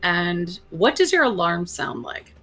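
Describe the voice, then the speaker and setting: A woman's voice: on the low side, big pitch swings, measured pace, fairly bright tone. A woman running a tabletop game as game master, narrating unhurriedly with small fillers. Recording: faint music behind.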